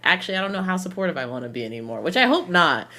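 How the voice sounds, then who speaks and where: A man's voice: high-pitched, expressive, very fast, pushed and bright. A man as a guest in a casual episode review chat, talking thoughtfully and hesitantly. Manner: thoughtful, hesitant, many fillers and restarts.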